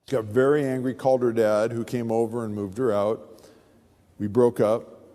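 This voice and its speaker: A man who is a pastor, giving his testimony as an animated storyteller who acts out the voices. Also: mid-range voice, normal speed. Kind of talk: sermon testimony. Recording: long reverb of a large hall.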